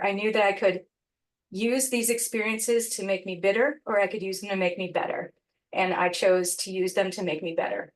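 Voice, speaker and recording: Earnest woman telling her story. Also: medium pitch. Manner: earnest and reflective, with many pauses and restarts. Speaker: podcast guest. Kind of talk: telling a personal story in an interview.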